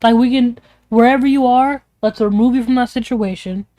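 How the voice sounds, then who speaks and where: A woman's voice: on the high side, fairly even intonation, normal speed, mellow, no echo. A young woman streamer venting in a casual, rambling way, emotional and swearing often.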